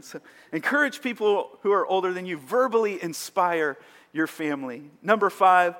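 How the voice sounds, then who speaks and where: A man's voice: on the high side, fairly bright tone. A man preaching a sermon as pastor, earnest and emphatic, with rising bursts of energy. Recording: long hall reverb.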